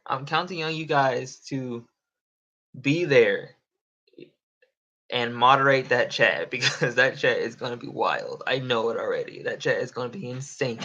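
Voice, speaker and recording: A man's voice: medium pitch, measured pace, pushed and bright, lo-fi sound. A young man chatting casually on a live stream, rambling and swearing, often laughing. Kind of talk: casual livestream chat.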